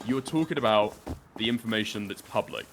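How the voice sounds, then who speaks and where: A man's voice: fairly low pitch, quick pace, slight background noise. A man arguing over a call, exasperated and sarcastic, swearing and trading insults. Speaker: debater on a call. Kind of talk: heated argument.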